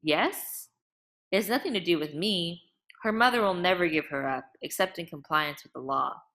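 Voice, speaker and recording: A woman's voice: lowish voice, normal speed, a bit bright. A woman reading as an impassive, curt man. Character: impassive man who raised the girl.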